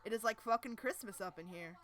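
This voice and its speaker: A woman voicing a laid-back teenage boy chatting online, in an offhand, flat delivery. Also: mid-range voice, fast, lightly acted.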